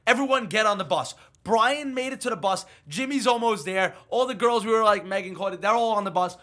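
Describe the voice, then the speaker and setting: A young man telling a rowdy story to friends in a casual, animated way, quoting people as he goes. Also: high voice, a little fast. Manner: animated, swearing, quotes friends in bursts.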